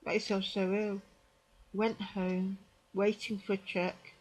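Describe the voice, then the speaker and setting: A woman in her sixties with a British accent, telling a personal story to camera in a halting, repetitive way, often restarting her sentences. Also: medium pitch, little pitch movement, low-quality recording. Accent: British English. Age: 60s. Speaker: vlogger.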